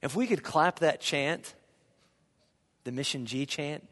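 A middle-aged man from Indiana preaching a sermon, telling a childhood story with lively, joking asides to his listeners. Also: fairly high pitch, slow pace. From Indiana, USA. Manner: lively anecdotal storyteller, jokes with the audience. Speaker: pastor. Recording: long reverb of a large hall.

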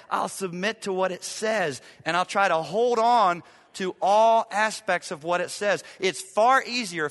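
A man preaching a sermon as pastor, emphatic, repeating key lines and swinging from loud to hushed. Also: high-pitched, long reverb tail.

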